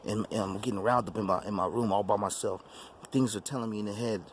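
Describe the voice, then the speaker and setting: A man's voice: lowish voice, fairly even intonation, fast, a little hiss or hum. A man hosting his own channel, telling a personal testimony story in an emphatic, repetitive way. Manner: repetitive, emphatic, restarts phrases. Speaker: YouTube channel host.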